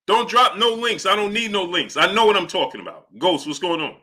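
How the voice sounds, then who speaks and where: A man's voice: high voice, lively intonation, a little fast, bright, forceful tone. A man hosting a live stream, arguing with chat, repeating himself and calling out viewers' names. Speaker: boxing live-stream host. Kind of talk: casual live-stream commentary.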